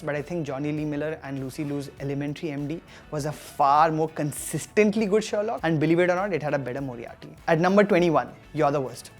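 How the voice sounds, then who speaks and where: Fast-talking, upbeat online show host. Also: mid-range voice, a little mellow. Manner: enthusiastic, quick, jokey asides. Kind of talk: scripted countdown review.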